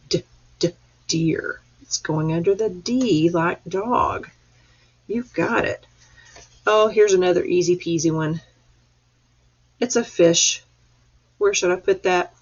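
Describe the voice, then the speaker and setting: A woman teacher walks young children through a phonics lesson, sounding out each letter slowly. Her voice is husky and gravelly, and she speaks at an unhurried pace. The recording sounds dull and lo-fi. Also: on the low side. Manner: slow, sounding out letters with rising excitement.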